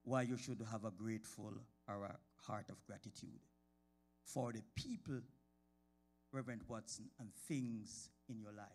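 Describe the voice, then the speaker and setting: A man preaches at a moderate pace in a church sanctuary, calling out congregation members by name. His voice rises from quiet talk to shouted high points.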